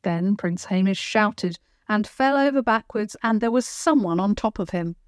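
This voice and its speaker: A woman narrating a children's storybook in a gentle, clear read-aloud manner. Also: medium pitch, moderate pace, dry recording, clean studio sound.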